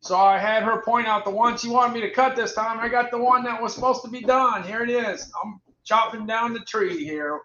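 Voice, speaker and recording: Reading out prices and ratings during a casual livestream, this chatty man tends to repeat his phrases. His high-pitched voice comes across bright and forceful, delivered at normal speed. Sound quality is dull and roomy, somewhat lo-fi.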